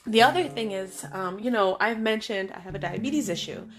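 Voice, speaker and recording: A middle-aged woman hosting a vlog, telling personal stories in a casual, animated way and acting out other people's lines. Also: mid-range voice, brisk. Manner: animated, acts out friends' voices and lines. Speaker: vlog host. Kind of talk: casual storytelling monologue. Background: music.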